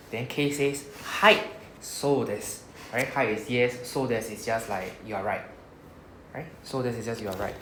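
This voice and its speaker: A man's voice: medium pitch, a bit bright. A man with a Singaporean English accent teaching Japanese to a class, explaining patiently and often checking with "right?". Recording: echoey classroom, faint noise.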